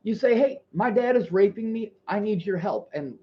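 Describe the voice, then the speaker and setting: A man's voice: high-pitched, lively intonation, normal speed, slightly rough, muffled recording. A man livestreaming, reading viewer messages and lecturing in a heated, profane rant.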